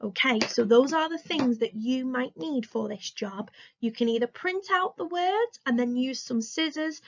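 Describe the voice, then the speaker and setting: An English woman teaching a recorded remote lesson to young children, speaking slowly, clearly and encouragingly. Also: high voice, lively intonation, dull audio, background noise. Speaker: primary school teacher.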